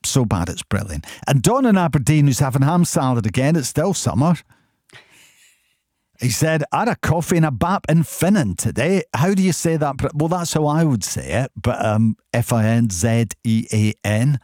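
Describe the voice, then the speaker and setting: A man's voice: medium pitch, big pitch swings, moderate pace, a little mellow, dry recording, studio quality. A man presenting an evening radio phone-in, chatty and amused as he reads out listener messages and song lyrics. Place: radio studio. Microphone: studio microphone.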